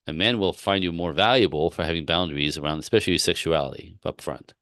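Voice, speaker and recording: This relationship coach for women talks fast in a deep, fairly bright voice on a live stream, bluntly hammering his points and repeating them. He plays both parts of the conversations he describes, and the clean studio recording has no echo.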